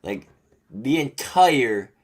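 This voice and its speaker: A man's voice: medium pitch, sing-song, drawn-out words, husky. A man co-hosting a casual podcast, talking in a profane, drawling way with lots of "dude". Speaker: podcast co-host.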